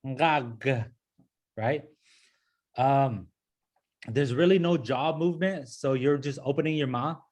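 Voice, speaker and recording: A man's voice: medium pitch, measured pace, long pauses, darkish tone. A man teaching a pronunciation lesson to a class. He patiently repeats sounds and keeps checking in with "okay?" and "right?". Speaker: language teacher.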